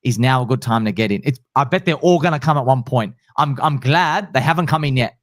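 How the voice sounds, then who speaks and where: A male host chatting casually, excitable and slangy, acting out what others say. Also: medium pitch, fairly quick, dry recording, clean studio sound. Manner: excitable, slangy, acts out quotes. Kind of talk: casual chat.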